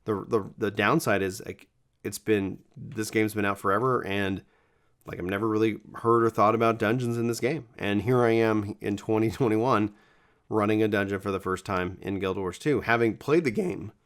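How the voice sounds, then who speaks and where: A man's voice: lowish voice, flat delivery, moderate pace, clear, resonant tone. A gaming video creator talking casually to his viewers, rambling and self-correcting with enthusiasm, his voice cracking now and then. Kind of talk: casual talk to camera.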